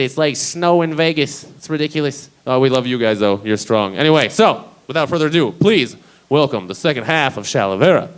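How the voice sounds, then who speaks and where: A man's voice: on the high side, fairly bright tone, clean tone, poor audio. A man doing a stand-up comedy set, talking in a rambling, profane, conversational way.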